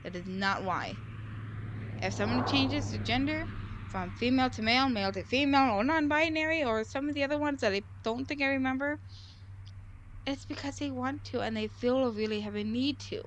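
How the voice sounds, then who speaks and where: A woman playing through a visual novel, reading its text aloud and stopping to ramble earnestly about it. Her voice sits fairly high and she often corrects herself mid-sentence. A faint hum of noise sits under her voice. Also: fairly quick. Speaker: game streamer. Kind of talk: casual let's-play commentary and narration.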